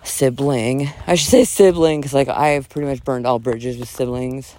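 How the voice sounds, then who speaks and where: With no echo on the audio, a man of medium pitch and moderate pace reads a profane rant dramatically. He slips into casual asides, trading loud mock yelling for quieter talk.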